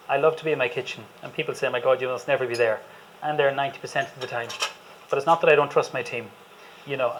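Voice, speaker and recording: A man's voice: mid-range voice, fairly bright tone, a little hiss or hum, low-quality recording. A man with an Irish accent, a chef giving a chatty, enthusiastic live cooking demonstration to an audience and joking with them as he goes. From Ireland.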